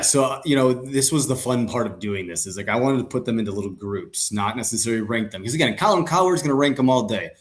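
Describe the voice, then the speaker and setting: Animated joking man talking football. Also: mid-range voice. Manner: animated, joking, many fillers and restarts. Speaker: podcast co-host. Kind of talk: casual sports chat.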